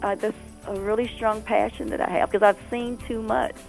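A woman's voice: a little high, level tone, fairly quick, creaky, faint music behind, poor audio. A woman author talking earnestly and emotionally as a guest on a radio interview, rambling at times.

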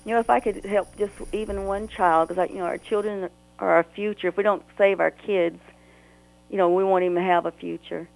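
A woman's voice: medium pitch, fairly even intonation, brisk, vocal fry, darkish tone, low-quality recording. A woman author talking earnestly and emotionally as a guest on a radio interview, rambling at times.

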